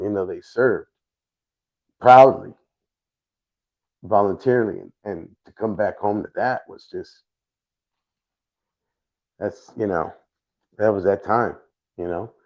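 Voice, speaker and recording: Middle-aged guy rambling on his livestream, lowish voice, kinda muffled lo-fi sound. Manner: rambling, halting, many restarts. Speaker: livestream host. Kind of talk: casual livestream chat. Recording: dull lo-fi stream audio.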